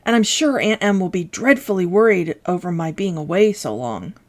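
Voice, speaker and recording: A woman's voice: expressive, moderate pace. A woman voicing a meek, earnest young girl who pleads in a lifted voice in a storybook reading. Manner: earnest, pleading, raised pitch.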